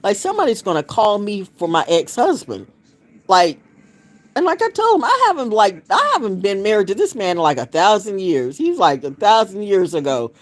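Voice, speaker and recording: Blunt, animated middle-aged woman ranting. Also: medium pitch, moderate pace. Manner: blunt, profane, animated storytelling. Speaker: vlogger. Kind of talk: casual rant to camera.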